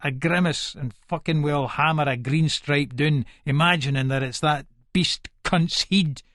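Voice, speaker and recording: Scary scottish hard man, swears nonstop, kinda high voice, dry close sound. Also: unhurried, fairly bright tone, no echo. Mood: menacing. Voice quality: coarse, swearing, menacing. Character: violent, menacing male Edinburgh hard man. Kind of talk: first-person audiobook narration.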